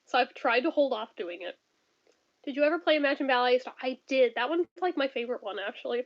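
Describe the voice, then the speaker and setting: A woman's voice: sits high, animated, fast. A woman in her thirties chatting casually on a home stream, blunt and profane, laughing often and ranting. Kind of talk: casual chat reading viewer comments. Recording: dull lo-fi stream audio.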